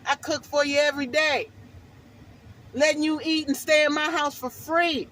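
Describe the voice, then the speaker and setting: A woman's voice: sits high, steady tone, normal speed, a bit bright, no echo, low-quality recording. A middle-aged woman vlogger telling a personal testimony in a fervent, preachy, emphatic way.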